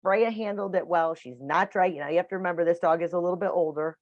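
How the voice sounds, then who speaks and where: A woman's voice: lowish voice, fast talker, dry recording. A woman teaching a dog training class over a video call, chatty and matter-of-fact. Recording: dull dry video call audio.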